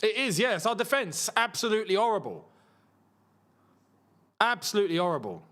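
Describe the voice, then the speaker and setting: A young man hosting a live football watchalong, reacting with frustration and bursts of excitement. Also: high-pitched, moderate pace. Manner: frustrated, animated, swings between muttering and shouting. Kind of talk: live match watchalong commentary.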